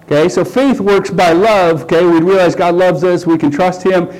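Middle-aged guy preaching, slightly high voice, keeps saying okay and right. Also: fairly even intonation, normal speed, a little mellow, poor audio. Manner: conversational, repeats "okay" and "right?" often. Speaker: pastor. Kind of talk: sermon.

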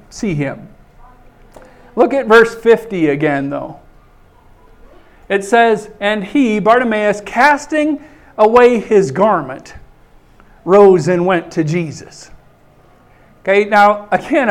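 An animated male preacher with a high-pitched voice delivers a folksy sermon. He leans on "okay" and acts out scenes in a raised voice. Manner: folksy, repeats "okay" often. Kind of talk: sermon with Bible reading.

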